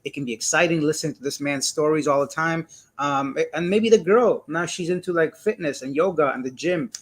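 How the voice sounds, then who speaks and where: A man hosting a relaxed live stream, talking casually and laughing often. His voice sits a little high for a man. He greets viewers by name and answers their comments as they come in. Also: brisk. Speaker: livestream host reading chat. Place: indoors, living in Cebu.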